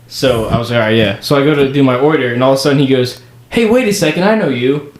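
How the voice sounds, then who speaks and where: A man's voice: medium pitch, fast talker. A man co-hosting a podcast, telling a story and acting out the quotes with lots of laughter. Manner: animated, acts out quotes, laughs a lot. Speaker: podcast co-host. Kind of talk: casual storytelling. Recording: roomy, noisy podcast room.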